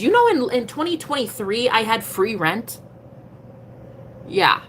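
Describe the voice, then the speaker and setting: On a livestream, a tarot reader talks casually in a lowish voice, blunt and emphatic, swearing freely and preaching self-empowerment in a motivational way. There's a little hiss or hum in the audio.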